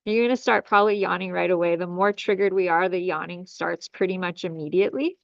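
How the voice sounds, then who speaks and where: A woman's voice: fairly low pitch, fairly even intonation, fast talker, vocal fry, dry recording. A woman leading a guided healing meditation in a soothing, repetitive way, with commanding incantations. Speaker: energy healer leading a group session. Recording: dry, dull lo-fi sound.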